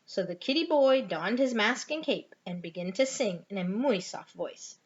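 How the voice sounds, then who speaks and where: An older woman reading a picture book aloud to a child in an expressive, sing-song way. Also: medium pitch, moderate pace. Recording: dull lo-fi home recording.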